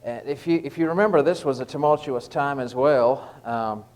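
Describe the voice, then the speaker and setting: Guy doing a laid-back bible devotional, lots of uh's and restarts, middle-pitched voice. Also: normal speed, a little mellow, rough recording. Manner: conversational, with frequent fillers and restarts. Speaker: lay preacher giving a short devotional. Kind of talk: informal devotional talk.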